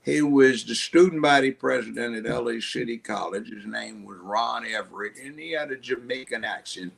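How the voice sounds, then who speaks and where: Older man, gravelly, lively raconteur doing voices in his anecdotes. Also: medium pitch, moderate pace, hardly any pauses. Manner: animated storyteller who acts out voices. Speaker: guest. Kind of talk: storytelling interview.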